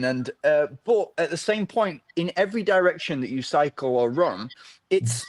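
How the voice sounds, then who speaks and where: A man's voice: fairly high pitch, expressive, moderate pace, no room sound. A middle-aged man from the north of England, a podcast guest telling his story in a rambling, easygoing way with many restarts. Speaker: podcast guest, ultra runner. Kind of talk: casual interview chat.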